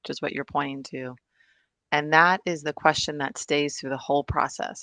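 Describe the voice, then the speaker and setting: A woman's voice: deep voice, steady tone, moderate pace, a bit bright, no room sound. Chatty woman presenter on a video call. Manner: enthusiastic, chatty, laughs often. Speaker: guest presenter. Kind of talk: casual discussion on a video call.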